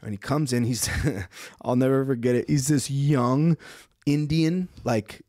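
A man's voice: mid-range voice, measured pace, dry recording. Young guy telling a wild story on a podcast, acts out what people said, laughs a lot, dead dry sound. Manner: animated storyteller who acts out other people's lines; laughs often while telling. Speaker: podcast guest. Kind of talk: casual storytelling.

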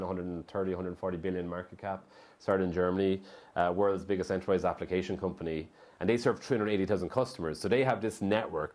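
Fast-talking low-voiced man. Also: a little mellow. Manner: rapid, rambling, many fillers and restarts. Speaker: startup founder, guest speaker. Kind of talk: conversational interview on stage. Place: live event venue.

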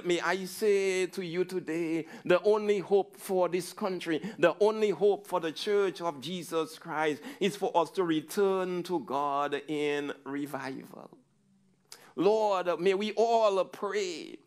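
A man's voice: sits high, slow pace, clear, resonant tone. A male pastor preaching a fervent sermon, rising into repeated pleading cries.

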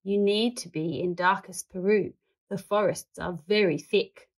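A woman reads a children's storybook, voicing a polite, earnest young male bear in a plain, matter-of-fact way. Her voice sits in the mid-range, close to everyday speech, with fairly even intonation and a measured pace.

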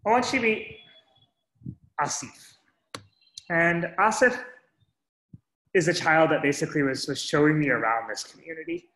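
Man, storyteller, earnest and direct with his listeners; slightly high voice, roomy echo. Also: moderate pace, long pauses, sharp tone. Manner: earnest, strings sentences with "and so", addresses the audience as folks. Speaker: speaker sharing a story. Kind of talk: first-person storytelling talk. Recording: echoey room.

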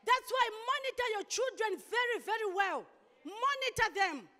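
Lady pastor preaching hard, real high voice, big echoey church hall. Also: lively intonation, moderate pace. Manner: impassioned preaching with sudden loud outbursts. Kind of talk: sermon. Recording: long hall reverb.

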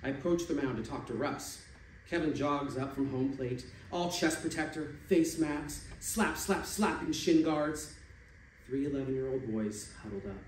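A man reading stories aloud at a live stage event, expressive and shifting voices for the figures. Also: mid-range voice, a little slow. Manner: expressive, changes voice for quoted figures. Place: stage venue. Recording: echoey room from a distance, faint noise.

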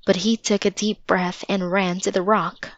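A woman reading a children's storybook aloud in steady, measured narration. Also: medium pitch, dry recording. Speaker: storybook reader. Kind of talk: children's book read-aloud. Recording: dull lo-fi recording.

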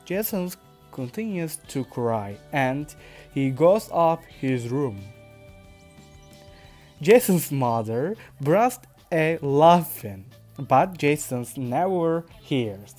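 A man with a Turkish accent, a podcast host, reads his own story aloud carefully and deliberately for English learners, now and then correcting himself. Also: on the high side, big pitch swings, a little mellow, soft background music. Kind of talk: slow read-aloud narration for English learners.

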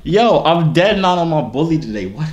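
A man's voice: a little high, very animated, moderate pace, darkish tone, echoey room, a little hiss or hum. A young man hosting a video, bantering and teasing strangers in slangy casual chat. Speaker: video host.

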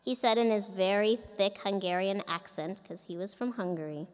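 A middle-aged woman speaks earnestly from a podium at a commencement ceremony. Her voice sits in an ordinary middle pitch. She tells her story through a microphone in a large indoor events arena, with a long reverb trailing each phrase. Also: moderate pace, hardly any pauses. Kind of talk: commencement speech. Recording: echoey arena from a distance.

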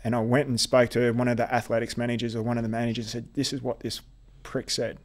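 A man speaks as a podcast guest, recounting his own story. His voice sits at an ordinary middle pitch, and he talks haltingly, often circling back and repeating words as he goes. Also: little pitch movement. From Australia. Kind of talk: telling a personal story in an interview.

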